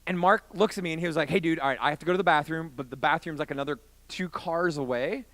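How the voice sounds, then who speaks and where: Youth pastor, man in his late twenties, animated storyteller with a bright, tense tone and a high, lively voice. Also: fast talker, dry recording. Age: 20s. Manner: animated storyteller acting out quotes, voice rising to shouts. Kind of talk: storytelling sermon.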